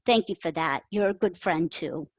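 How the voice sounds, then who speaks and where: A woman reading her own story aloud, voicing an insecure, self-doubting woman who talks earnestly and quickly. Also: lowish voice, expressive, dry recording, highs cut off.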